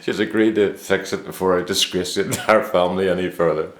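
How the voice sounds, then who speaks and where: In a casual vlog, a vlogger in his 50s talks briskly to camera in a low voice with fairly even intonation. He's easygoing and rambling, spinning a self-mocking anecdote, and the sound carries a roomy echo.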